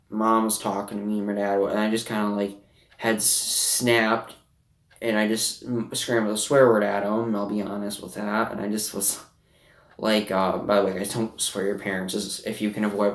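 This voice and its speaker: Sniffling and emotional, a teen boy talks to camera from his bedroom for a confessional vlog, speaking haltingly with lots of fillers and restarts. His voice is lowish, and the room echoes because he's recorded from some distance.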